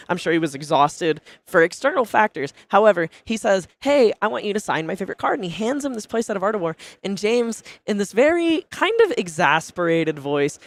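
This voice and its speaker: A man's voice: high-pitched, no room sound. A man commentating a card game tournament, chatty and anecdotal, full of little fillers.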